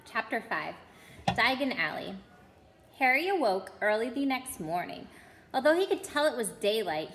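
A woman's voice: mid-range voice, a bit bright, roomy sound, slight background noise. Friendly woman reading a storybook aloud. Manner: friendly, casual, with a few ums. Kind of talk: reading a children's book aloud.

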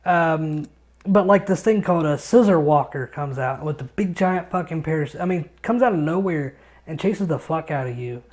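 A man co-hosting a podcast from his home studio, telling stories in a casual, excitable way and swearing often. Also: fairly high pitch, normal speed. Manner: excitable storyteller, swears a lot. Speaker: podcast co-host.

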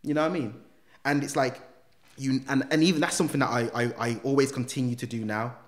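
Guy telling his story, lively, does all the voices, slangy, roomy echo. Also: mid-range voice, quick pace. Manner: animated storyteller who acts out quoted dialogue, street slang. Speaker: guest, former gang member turned motivational speaker. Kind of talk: casual storytelling interview.

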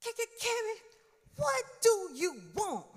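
A man's voice: very high voice, sing-song, unhurried, voice pushed up, exaggerated voice. A woman putting on the voice of an irritated older father who stutters when annoyed, in a reverberant church hall.

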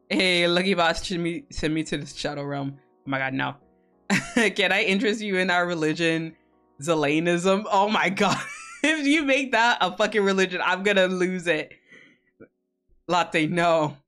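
A woman's voice: lowish voice, normal speed, a bit bright, soft background music. A woman streamer hosting a co-working stream, chatting casually with viewers in a teasing, profane, giggly way.

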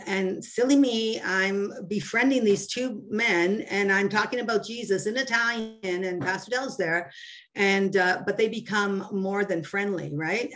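A woman's voice: medium pitch, a bit bright. Woman telling church testimonies. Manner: conversational storytelling with many fillers and restarts. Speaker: preacher. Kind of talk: testimony in an online sermon.

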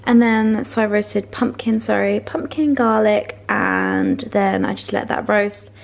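Breathless and very animated, a young woman vlogging from her flat speaks unhurriedly in a medium-pitched voice with vocal fry. The lifestyle vlogger is casual and effusive, with frequent laughter.

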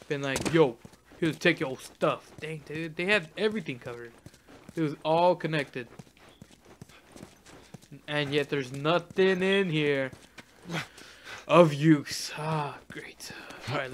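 Brief: high-pitched young man, let's-play host, shouts at enemies, laughs a lot, noisy home mic. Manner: excitable, shouting at the game, laughing. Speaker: gaming channel host. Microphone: face cam desk mic.

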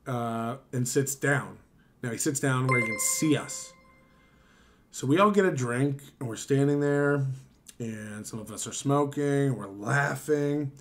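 A worn-out man streaming late at night, recounting a wild story in a loose, casual way. He talks in an animated manner, swears freely, and slips into voices to mimic the people involved. His voice sits at an everyday middle pitch. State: tired.

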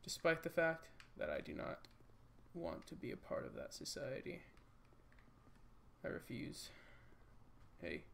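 A man's voice: fairly high pitch, very animated, unhurried, gravelly, pauses often, fairly bright tone, slight background noise. A man giving casual let's-play commentary, joking and rambling and talking to the enemies on screen. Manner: jokey, rambling, talks to game enemies. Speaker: gaming channel host.

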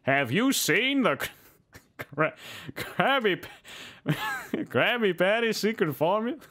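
A man voicing a tiny scheming cartoon villain, sneaky and drawn-out. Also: sits high, expressive, fairly bright tone, voice pushed up, exaggerated voice.

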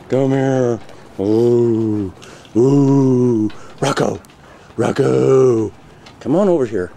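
A man's voice: medium pitch, slow pace, creaky. A man filming his dogs in his backyard on a handheld camcorder, teasing them and egging them on in casual home-video chatter. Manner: playful, eggs the dogs on with teasing shouts. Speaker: dog owner filming his pets. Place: backyard outdoors. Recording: noisy home camcorder audio. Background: dogs playing.

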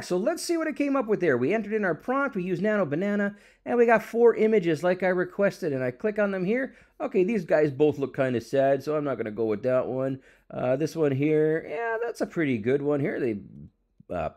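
Man, tech tutorial host, excited and casual, lively bouncing pitch, fairly high voice. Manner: hyped, enthusiastic, casual. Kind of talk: screen-recorded software tutorial.

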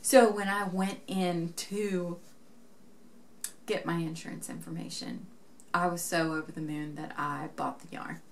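A chatty young woman tells a story straight to camera, with a voice sitting a little lower than most women's. She acts out the lines of the people in her story as she goes. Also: flat delivery, measured pace, creaky, slight background noise. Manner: chatty, retells events acting out quoted dialogue. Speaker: knitting vlogger.

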